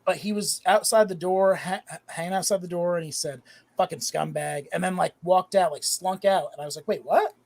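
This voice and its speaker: A man on a live panel show, high and drifting in and out, telling a rambling story full of swearing. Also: steady tone, fairly quick, creaky, darkish tone. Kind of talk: casual live panel chat.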